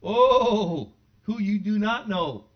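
A man with a high voice preaches to his congregation in a church, moving between easy conversational asides and loud, fervent proclamations. The recording sounds dull and lo-fi, with the top end muffled. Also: animated, slow pace. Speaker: pastor. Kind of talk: sermon. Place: church sanctuary.

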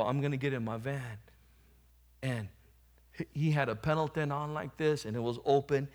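A male preacher with a high, bright and cutting voice. He tells his testimony, swinging from hushed storytelling to loud calls to the congregation. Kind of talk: testimony sermon.

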